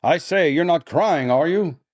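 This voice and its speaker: A man voicing a kind young brother in a read-aloud story, in a gentle, raised voice. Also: a little high, unhurried, pitched above the performer's own voice.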